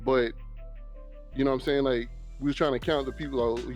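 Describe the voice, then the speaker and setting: A man's voice: medium pitch, fairly even intonation, brisk, faint music behind. A man with a Southern US accent, a podcast guest telling a story in casual chat and acting out what others said. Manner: laid-back storyteller, acts out quotes.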